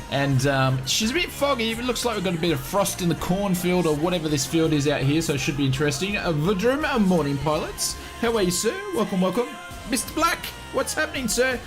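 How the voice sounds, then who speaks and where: An Australian man streaming a flight simulator live, chatting casually and greeting viewers by name one after another. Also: sits high.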